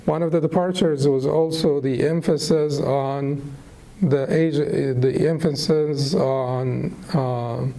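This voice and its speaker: A middle-aged man teaching a lecture on spirituality, unhurried and thoughtful, pausing with fillers and restarting phrases. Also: a little high, steady tone, mellow, poor audio. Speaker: Islamic studies teacher.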